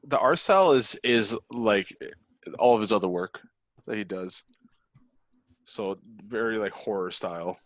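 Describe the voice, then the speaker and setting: Casual book club member, man, lower voice, rambling, dry close sound. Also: a little slow, pauses often, no room sound. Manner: rambling, many fillers. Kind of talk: casual chat.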